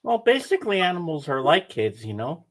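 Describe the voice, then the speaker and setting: A man co-hosting a casual chat, talking in a relaxed, friendly way. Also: on the high side, a little fast. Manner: easygoing, chatty. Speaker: co-host.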